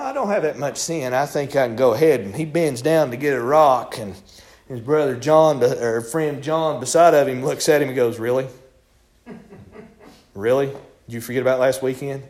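A man preaches in a folksy way. He tells stories and acts out the people in them, and his delivery builds up until he is shouting. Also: fairly high pitch. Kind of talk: sermon with storytelling.

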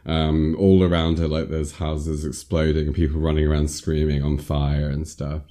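A man's voice: a bass voice, level tone, moderate pace, mellow. A man casually recapping a film's plot on a podcast, rambling with lots of ums and likes. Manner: rambling, many ums and likes, laughs at himself. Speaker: podcast host reviewing a film. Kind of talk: casual film recap chat.

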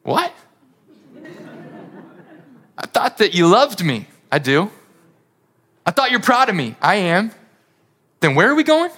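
A man's voice: high voice, sing-song, slow pace, pauses often, pushed and bright, some chatter behind, full character voice. Man doing a puzzled young son, bewildered, questioning, rising voice.

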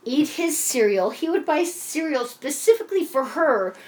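Lively high-voiced woman, profane storyteller. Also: moderate pace. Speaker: podcast co-host. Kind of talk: casual chat.

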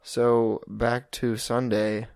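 A young man co-hosting a podcast, relaxed and wry, steering the topics in a casual chat. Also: mid-range voice, drawn-out words, vocal fry, clear, resonant tone, no room sound, clean studio sound. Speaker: podcast co-host.

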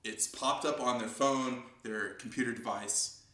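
A young man co-hosting a podcast, chatting casually, excitable, laughing often and swearing. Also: medium pitch, measured pace, roomy sound, crowd noise. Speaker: podcast co-host. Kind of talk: casual chat.

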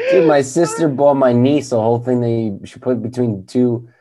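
A young man co-hosting a podcast, chatting excitedly and repeating points for emphasis. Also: mid-range voice, noisy background. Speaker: podcast co-host. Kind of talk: casual chat.

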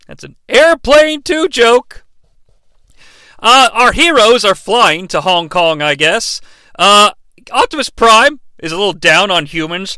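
A man's voice: sits high, lively intonation, measured pace, bright, forceful tone, smooth, no echo. A man hosting a comedic movie review, rambling, profane and sarcastic. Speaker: host.

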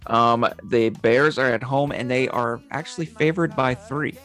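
A man hosting a casual sports chat, reading out matchups and point spreads in a relaxed way with filler ums. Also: mid-range voice, a little slow, faint music behind. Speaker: podcast host running weekly football picks.

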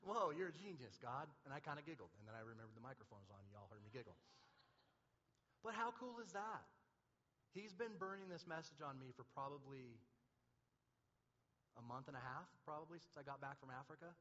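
A man preaching a sermon, impassioned, swinging from loud to soft. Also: medium pitch, brisk, long pauses. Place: church hall. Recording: dull, echoing hall.

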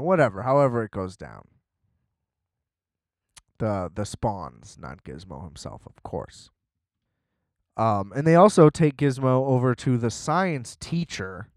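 A man's voice: fairly high pitch, a little mellow, dry recording, clean studio sound. A young man hosting a casual film review, rambling, sarcastic and profane. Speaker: podcast host reviewing a film. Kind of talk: casual chat.

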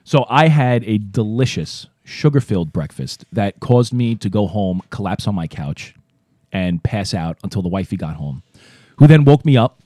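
A man's voice: fairly low pitch, very animated, normal speed, mellow, dry recording, studio quality. A man co-hosting a podcast, chatting casually and telling rambling, profane stories. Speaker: podcast co-host. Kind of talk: casual chat.

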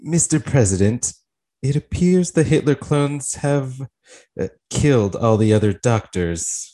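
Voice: medium pitch, animated, measured pace, dark tone, close to an everyday voice. An actor playing a polite, matter-of-fact presidential aide. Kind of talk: comedy sketch acting.

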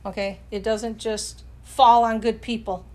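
A woman's voice: a little high, flat delivery, a little slow, darkish tone, slight background noise. A woman preaching in a casual, earnest way, talking conversationally with frequent restarts.

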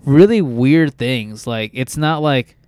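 A young man on a podcast, chatting in a loose, laid-back way with lots of swearing and filler words. His voice is smooth and clear, recorded close and dry with no room sound. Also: mid-range voice, lively intonation, takes it slowly, a little mellow, dry recording. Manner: laid-back, swears a lot, says "like" and "dude" constantly. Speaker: podcast co-host. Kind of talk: casual podcast chat.

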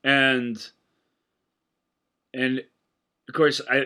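A man's voice: medium pitch, slow pace, long pauses, bright, forceful tone. A man co-hosting a movie podcast, chatting casually and telling rambling stories with frequent laughs. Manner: rambling, storytelling, laughing often. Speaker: podcast co-host. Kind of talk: casual chat about movies.

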